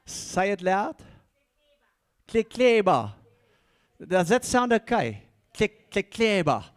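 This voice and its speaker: A high-pitched man delivers a lively sermon. He repeats his key phrases and rises from soft asides to shouted calls. He laughs often and trips over his words when fired up. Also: unhurried, clear, resonant tone. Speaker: pastor.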